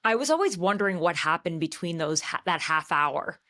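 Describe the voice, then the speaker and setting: A woman's voice: on the low side, sing-song, a little fast, bright, forceful tone. A woman hosting a podcast interview, asking curious, musing questions of her guest. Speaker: podcast host. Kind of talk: interview conversation.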